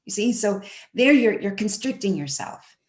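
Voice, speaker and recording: A woman, a language coach, answering interview questions in an animated way and acting out the voices she quotes. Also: medium pitch, normal speed. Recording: roomy echo.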